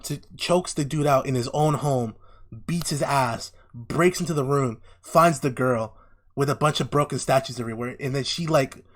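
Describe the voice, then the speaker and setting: Casual male podcast co-host, mid-pitched, tells stories with lots of acted-out lines and swearing. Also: moderate pace. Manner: animated storyteller acting out characters' lines, heavy swearing. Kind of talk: casual chat, retelling a story.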